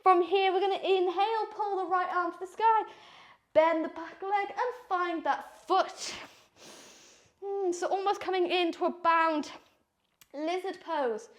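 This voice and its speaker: A woman's voice: very high voice, unhurried. A woman leading a power yoga class, calling out breaths and poses with encouraging cues while out of breath from doing the flow herself. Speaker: yoga instructor. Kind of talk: guided yoga class instruction.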